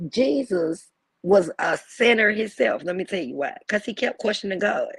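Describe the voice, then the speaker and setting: Woman on a livestream going off, blunt and cussing, dry close sound, raspy. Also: mid-range voice, lively intonation, normal speed, dry recording. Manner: blunt and profane, preachy. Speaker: livestream host. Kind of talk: heated livestream rant.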